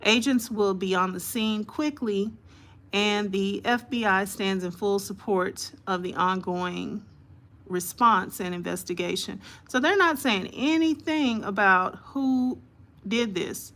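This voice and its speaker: Woman streamer, unhurried delivery, mid-range pitch, halting news reading, lots of ums, greets chat viewers. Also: a bit bright. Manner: reads aloud haltingly with many fillers, greets viewers by name.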